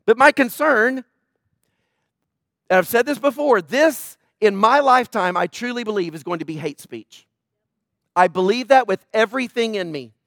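High-voiced urgent male preacher. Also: lively intonation, moderate pace, fairly bright tone, dry recording, clean studio sound. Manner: urgent, emphatic preaching with repetition. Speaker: pastor. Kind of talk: sermon. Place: church.

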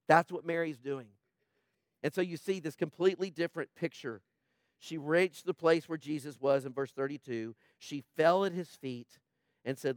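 A man preaching a sermon to a congregation, asking rhetorical questions and moving between hushed, quiet passages and loud, fervent ones. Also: on the high side, normal speed, no echo, studio quality. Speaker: pastor.

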